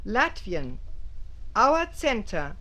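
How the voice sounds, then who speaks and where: A woman reading a scripted documentary narration slowly and deliberately, carefully pronouncing foreign phrases. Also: medium pitch, very animated, heavy background noise.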